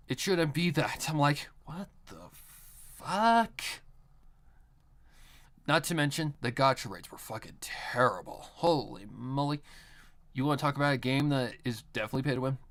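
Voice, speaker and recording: A man rambling through casual stream chat while he works, peppering his talk with filler words and swearing freely. His voice sits at an everyday middle pitch, and his manner is loose and unscripted. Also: creaky, a bit bright.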